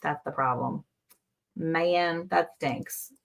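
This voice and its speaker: A woman's voice: low-pitched, slow pace, creaky. A woman co-hosting a casual livestream chat, talking freely and greeting viewers by name. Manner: chatty, reads out viewer comments. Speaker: livestream co-host.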